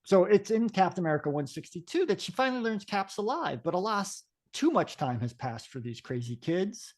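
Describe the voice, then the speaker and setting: A man's voice: sits high, big pitch swings, brisk. Male co-host, casual chat, meandering delivery with many restarts. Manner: rambling, frequent fillers and restarts. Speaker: podcast co-host. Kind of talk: casual podcast chat about comics.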